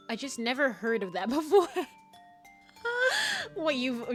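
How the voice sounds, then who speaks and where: A woman's voice: high-pitched, expressive, unhurried, soft background music. A woman streamer reacting to a game, laughing often, swearing and sounding incredulous. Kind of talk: live game commentary.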